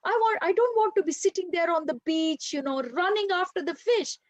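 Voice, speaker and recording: A woman puts on a young male seagull, cast out by his flock, who aches to fly. He talks high and pleading. The recording is dry and a bit muffled. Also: lively intonation, a little fast, no room sound. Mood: frustrated.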